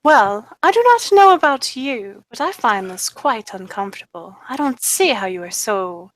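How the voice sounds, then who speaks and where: A woman's voice: a little high, big pitch swings, normal speed, low-quality recording. A woman voicing a haughty winged noblewoman in a put-on English accent, speaking in a prim, formal way.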